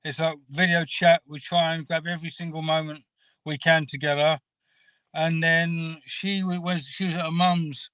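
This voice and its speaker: A man telling a story in a rambling, halting way, full of restarts, as a guest in a casual chat. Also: a little high, fairly bright tone, smooth, dry recording, highs cut off. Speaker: guest caller.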